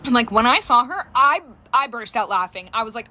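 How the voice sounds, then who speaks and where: A woman with a high, bright voice tells a casual storytime about her child. Her pitch swings all over the place as she acts out the people in it and laughs along the way. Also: a little fast. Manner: animated, laughing, acts out quotes. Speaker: mother telling a storytime.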